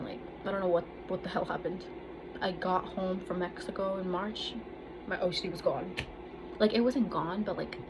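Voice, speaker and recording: A young woman telling her own story in a casual vlog, candid and swearing freely, slipping into other people's voices when she quotes them. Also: medium pitch. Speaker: vlogger. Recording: noisy background.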